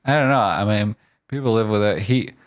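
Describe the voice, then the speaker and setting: A man hosting a casual trading livestream, jokey and rambling, now and then jumping into a high pleading whine. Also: a little fast.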